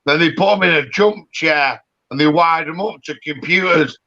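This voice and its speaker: A man talks loudly and excitably as a caller on a live stream, swearing as he goes. His voice sits fairly high and comes across bright and pushy. The audio is dull and lo-fi, like a stream call. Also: moderate pace. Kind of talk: rambling casual chat.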